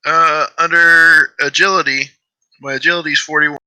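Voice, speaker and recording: A man with a very bright, sharp voice speaks up at a tabletop game, eager and fairly loud. The sound is dry and close to the mic. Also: a little high, steady tone, moderate pace, smooth, no room sound, rough recording. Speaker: player. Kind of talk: casual tabletop role-play.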